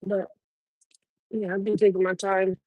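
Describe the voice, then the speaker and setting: A woman's voice: medium pitch, little pitch movement, a little slow, darkish tone, no echo, rough recording. Profane laid-back woman chatting on stream. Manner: loose, profane, laughing, talks back to chat. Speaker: trucker livestream host. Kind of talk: casual livestream chat.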